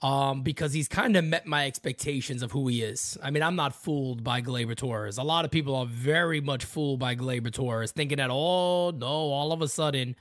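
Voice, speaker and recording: A man's voice: mid-range voice, moderate pace, hardly any pauses, fairly bright tone, dry recording, studio quality. A man co-hosting a sports podcast, casual and blunt, agreeing emphatically and cursing now and then. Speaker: podcast co-host.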